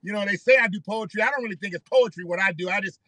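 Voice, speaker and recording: A man's voice: sits high, rapid-fire, pushed and bright, dry recording. A man hosting a live stream, giving rambling, profane commentary and often repeating himself. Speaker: livestream host.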